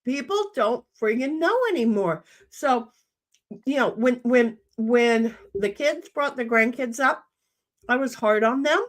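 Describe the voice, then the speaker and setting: A woman's voice: fairly high pitch, animated, measured pace. An older woman hosting a live stream, chatting bluntly and with salty language, acting out both sides of her conversations. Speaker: stream host. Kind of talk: casual chat on a live stream.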